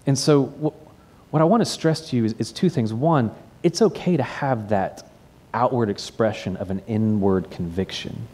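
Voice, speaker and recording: A man preaching at a middle pitch and sounding like he is just talking with people. He tells a story from his own ministry, restarting phrases and repeating words as he goes. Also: normal speed, a little mellow. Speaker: pastor. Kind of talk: sermon with personal story.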